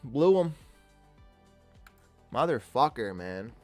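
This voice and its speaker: A man streams his trading live, talking through every move with frequent swearing and open exasperation. His voice sits at an ordinary middle pitch, with faint music playing softly behind him. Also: sing-song, slow. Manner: exasperated, swears often, talks to himself about trades. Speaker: day trader streaming live. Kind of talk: live trading commentary, reading chat.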